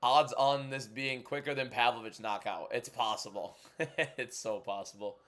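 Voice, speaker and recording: A young man talks loosely into a desk mic at home, reading out viewer questions and firing back frank opinions. His voice sits in a middle pitch, relaxed and conversational, like a live stream host keeping chat company. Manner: chatty, frank, quick opinions, reads viewer questions aloud. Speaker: livestream host. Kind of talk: casual watchalong chat, answering chat.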